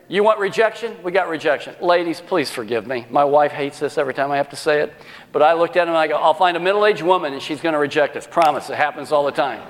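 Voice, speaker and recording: A middle-aged man preaching a sermon, telling a story and acting out the dialogue with animated energy. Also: fairly high pitch, fast talker. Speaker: pastor. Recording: long hall reverb.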